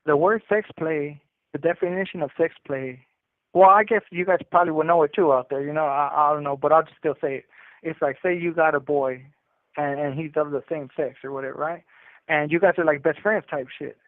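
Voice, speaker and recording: A man's voice: a little high, fairly even intonation, a little fast, no echo. A man telling a story casually over the phone, using street slang and often restarting his sentences. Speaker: incarcerated storyteller calling in. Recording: tinny prison phone line.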